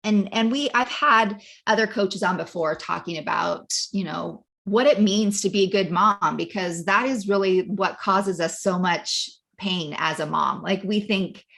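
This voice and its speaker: A woman's voice: medium pitch, a little slow, creaky, hardly any pauses, a bit bright. A woman hosting a faith-based coaching podcast, talking in a thoughtful, rambling way with restarts. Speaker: podcast host. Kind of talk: casual interview chat.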